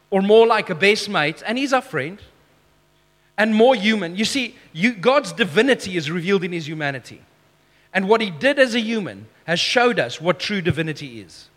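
A man preaching a sermon as pastor, emphatic, slowing down for key phrases, with self-deprecating asides. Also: high-pitched, a bit bright, in a large hall.

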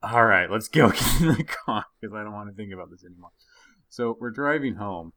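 A man in his thirties, a podcast co-host, telling a funny family story in a casual, animated way and laughing often. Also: lowish voice, brisk, no room sound.

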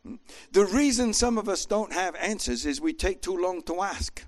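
A man preaching a sermon with an animated manner, acting out voices as he tells the story. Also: sits high, moderate pace. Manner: animated, acts out voices in quotes.

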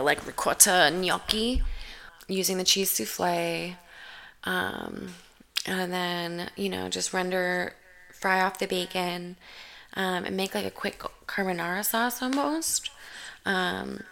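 Slow, gravelly woman with sarcastic asides. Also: fairly low pitch, pushed and bright. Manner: sarcastic, profane, rambling asides. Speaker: reaction commentator. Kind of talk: casual reaction commentary.

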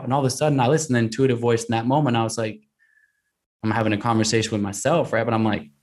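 A man being interviewed, telling a long personal story in an animated conversational way, full of repeated fillers. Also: medium pitch, quick pace. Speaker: guest recounting an expedition.

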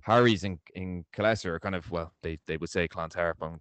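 A man's voice: sits low, brisk, fairly bright tone, smooth, no echo. A man from Ireland recapping a football campaign in casual podcast chat, thinking aloud. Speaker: podcast co-host.

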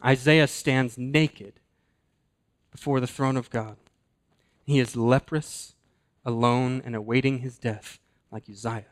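A man preaching a sermon, earnest and deliberate, slowing down and dropping his voice to stress key words. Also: medium pitch, fairly even intonation. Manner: earnest, slows and drops to a hush for emphasis. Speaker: pastor.

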